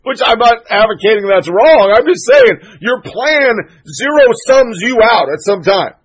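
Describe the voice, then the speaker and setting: A man's voice: high voice, sing-song, unhurried, slightly rough, poor audio. A male show host delivering a solo commentary monologue, ranting in a fired-up, profane and sarcastic way.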